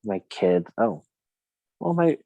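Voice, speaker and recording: A man tells what he sees during a regression session in a loose, casual way. His pitch swings widely as he laughs and acts out quoted lines. The sound is dry and close. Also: very animated, slow, dry recording, phone-quality sound. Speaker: regression client. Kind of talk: recounting a hypnosis session.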